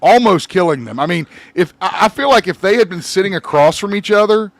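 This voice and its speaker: A man's voice: high voice, expressive, fairly quick, no room sound. A man hosting a casual podcast chat, swearing freely and laughing often. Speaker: podcast host.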